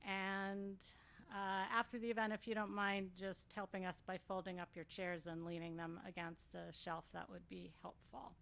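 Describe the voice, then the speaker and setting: A woman at mid pitch hosts a bookstore author event. She gives the announcements and introductions casually, with hesitant fillers. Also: little pitch movement, normal speed, gravelly, fairly bright tone. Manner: friendly, informal with fillers.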